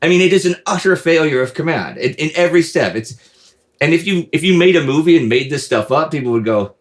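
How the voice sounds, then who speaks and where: Man telling history as a lively story. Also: on the high side, fast. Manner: animated storytelling, many restarts and asides. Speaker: host. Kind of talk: casual history chat.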